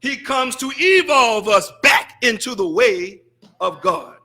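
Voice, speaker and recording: A man preaching a fervent sermon as a student minister in a mosque, breaking into shouted bursts and wry, mocking asides. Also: very high voice, expressive. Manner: mocks excuses in wry, drawn-out asides.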